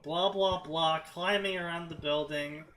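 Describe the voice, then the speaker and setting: A man's voice: on the high side, steady tone, unhurried, fairly bright tone, poor audio. A man co-hosting a stream, reading fanfiction aloud and skimming parts with mocking "blah, blah" asides. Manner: skims text with mocking "blah, blah". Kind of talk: casual stream commentary.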